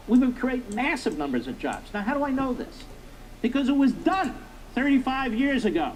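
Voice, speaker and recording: A man's voice: high-pitched, a little hiss or hum, low-quality recording. A middle-aged man hosting a political commentary monologue, emphatic and repetitive, firing rhetorical questions at his listeners. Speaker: talk show host.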